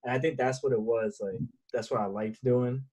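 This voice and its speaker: Chill guest dude on a vid call, talks slangy, says bro a lot. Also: male voice, medium pitch, steady tone, normal speed, darkish tone, husky. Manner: laid-back slangy talk, lots of "bro" and "like". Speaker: podcast guest. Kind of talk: casual chat over video call. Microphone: video call.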